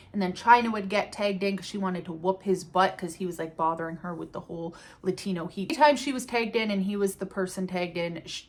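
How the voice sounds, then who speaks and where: A woman chatting casually and enthusiastically as she reviews a wrestling event, with the odd casual swear. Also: medium pitch.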